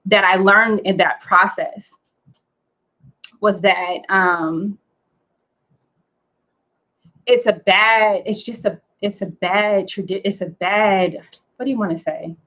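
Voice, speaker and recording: A woman, a guest, telling a story in a casual, excitable, chatty way with lots of fillers. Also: medium pitch, slow, poor audio. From United States.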